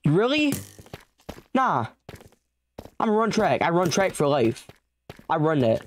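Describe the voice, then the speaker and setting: A man's voice: a little high, big pitch swings, unhurried, a little hiss or hum. A young man giving let's play commentary, frantic and pleading as he bargains with the creatures in his game. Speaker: gamer.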